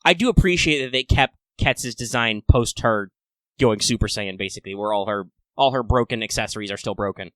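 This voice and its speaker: Co-hosting a laid-back fan podcast, this man talks a little fast in a lowish yet bright, forward voice, chatty and playful, with bursts of excited side comments. The audio is dry and close, with no echo.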